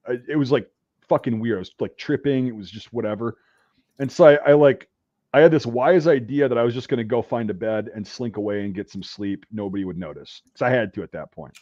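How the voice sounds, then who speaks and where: Guy rambling through a profane army story, regular pitch, muffled dry audio. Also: a little fast, a little mellow, no echo. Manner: profane, rambling anecdote telling. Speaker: podcast host. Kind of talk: casual storytelling. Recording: dull dry recording.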